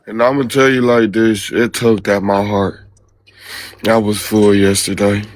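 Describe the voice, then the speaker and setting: A man's voice: fairly low pitch, little pitch movement, unhurried. A man joining a livestream, pressing the host with insistent questions. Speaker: livestream guest. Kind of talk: casual livestream talk.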